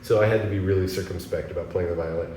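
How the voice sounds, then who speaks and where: A man from the United States, a guest guitarist, telling animated stories in an interview and acting out the voices of people he quotes. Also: low-pitched, rapid-fire. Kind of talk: storytelling interview. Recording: echoey room from a distance, faint background noise.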